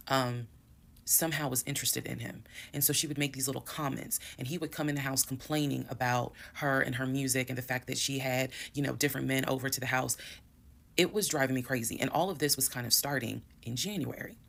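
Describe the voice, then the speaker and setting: A woman vlogger telling her own story to viewers in a casual, animated and emphatic way, swearing bluntly. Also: very deep voice, fairly quick, creaky.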